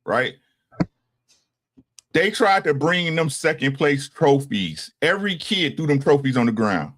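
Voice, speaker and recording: A man's voice: fairly high pitch, sing-song, unhurried, fairly bright tone. A man in his sixties, co-hosting a casual talk show, speaks bluntly and with a lot of profanity, often tagging his points with "right?". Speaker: podcast co-host.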